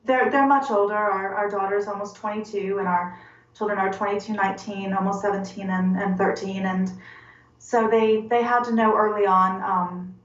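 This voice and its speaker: A woman in her forties giving a personal testimony in an interview, halting and earnest, often repeating words as she searches for them. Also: medium pitch, fairly even intonation. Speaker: interview guest. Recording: roomy, distant and dull-sounding.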